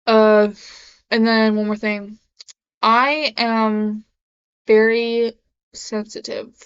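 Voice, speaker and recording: A young adult woman vlogger talks casually to camera in a confessional vlog, rambling with plenty of fillers and restarts. Her voice is a little high, smooth, monotone, and very slow, and the lo-fi recording sounds dull.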